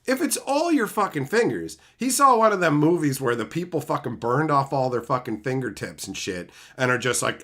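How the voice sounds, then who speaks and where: A man ranting profanely on a livestream while reading chat comments, swinging between loud outbursts and low mutters. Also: sing-song, moderate pace, hardly any pauses. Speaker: streamer reading live chat. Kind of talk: livestream rant.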